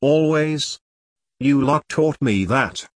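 A man's voice: a little high, takes it slowly, no echo, clean studio sound. A man voicing a fierce, foul-mouthed woman in an audiobook, speaking bluntly and defiantly. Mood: matter-of-fact. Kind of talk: audiobook character reading.

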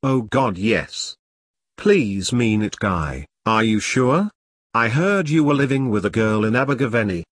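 Guy reading an audiobook doing a blunt sweary tough woman, bouncy pitch, dry close sound. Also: expressive, a little slow, breathy edge, dry recording. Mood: tender. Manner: blunt, defiant, profane. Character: fierce, foul-mouthed woman in her forties.

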